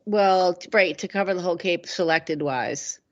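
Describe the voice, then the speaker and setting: A woman's voice: on the low side, normal speed. A middle-aged woman, co-hosting a radio talk show and telling stories in a rambling, casual way full of "like" fillers. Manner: rambling, laughing storyteller with many "like" fillers. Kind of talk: casual storytelling chat. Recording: dull lo-fi radio sound.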